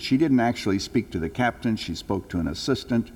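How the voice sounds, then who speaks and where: An older man preaching a sermon to his congregation, telling stories earnestly, rising for emphasis and then dropping low and slow. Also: expressive, a little mellow. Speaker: pastor. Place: church sanctuary. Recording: long hall reverb.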